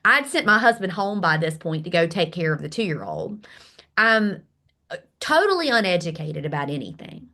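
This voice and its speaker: A middle-aged woman guest candidly telling a personal story, emphatic and animated. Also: lowish voice, normal speed. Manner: animated, emphatic, acts out quoted dialogue. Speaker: podcast guest.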